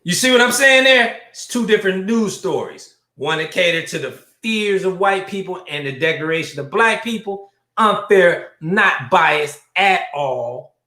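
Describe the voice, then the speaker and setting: A man's voice: high voice, pushed and bright, reverberant. A middle-aged man hosting his own show in a blunt, profane livestream commentary, greeting viewers by name. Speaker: show host.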